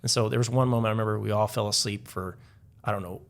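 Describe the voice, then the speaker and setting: A man with a creaky voice on the low side speaks at a quick pace with fairly even intonation. He's a podcast guest casually rambling through stories, full of "like" and restarts.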